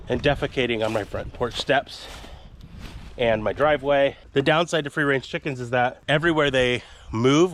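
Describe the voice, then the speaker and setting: A man's voice: medium pitch, a bit bright, a little hiss or hum. A man hosting a family vlog outdoors, chatty and rambling, with a self-deprecating manner. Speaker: vlog host and father. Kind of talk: casual vlog narration. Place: outdoors on a rural homestead.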